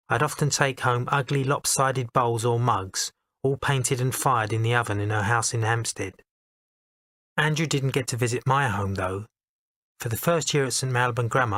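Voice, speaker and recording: A man reading his own memoir as an audiobook, in a measured, heartfelt and candid way, on a close studio mic. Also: medium pitch, a bit bright, no echo.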